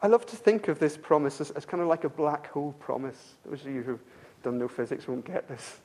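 A man preaching a sermon, emphatic and repetitive, asking the congregation rhetorical questions and swinging between loud stresses and quiet passages. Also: fairly high pitch, fairly quick.

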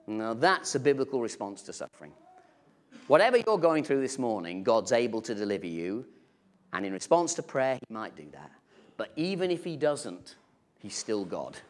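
Lively preacher with playful asides. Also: male voice, fairly low pitch, moderate pace. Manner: conversational and humorous, with playful asides. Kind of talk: sermon. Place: church.

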